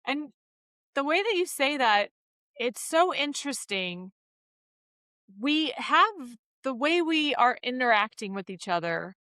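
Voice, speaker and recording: A woman author joins a podcast as a guest and speaks thoughtfully and reflectively. Her voice is high and bright, recorded close and dry. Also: sing-song, measured pace, no echo. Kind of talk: reflective interview talk.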